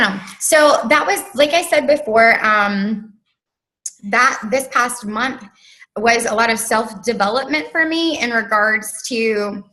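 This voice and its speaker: A woman with a bright, slightly high voice tells her story as an interview guest. She talks in an earnest, casual way, full of "um"s and "like"s. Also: poor audio. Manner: earnest, filler-heavy, with frequent "like" and "um". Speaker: interview guest, network marketer.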